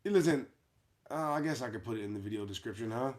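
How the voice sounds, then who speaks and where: A man's voice: mid-range voice, fast talker, music in the background. A man hosting a livestream, reading chat comments aloud in a brash, mocking way and laughing at his own jokes. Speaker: livestream host.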